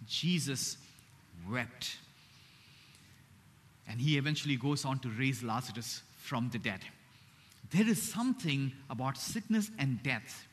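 A man preaching a sermon, earnest, slowing down and dropping to a hush on key phrases. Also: a little high. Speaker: pastor.

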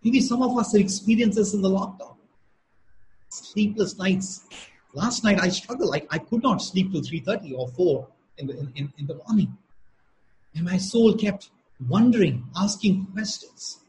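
A man preaching a sermon at a slow, emphatic pace, repeating key phrases for weight. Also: sits high, lively intonation, darkish tone, poor audio. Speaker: pastor.

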